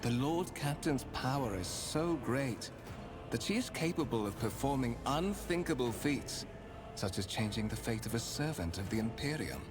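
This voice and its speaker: An actor playing a courtly, calculating male spymaster in a video game, speaking with formal, measured and faintly menacing courtesy. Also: mid-range voice, lively intonation, close to an everyday voice. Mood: grave. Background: game music.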